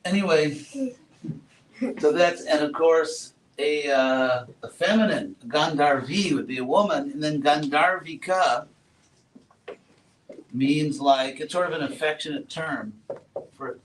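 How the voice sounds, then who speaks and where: A man giving a relaxed classroom talk, asking his students questions and adding playful asides. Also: a little high, slow pace, pauses often. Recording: roomy echo, far from mic, faint noise.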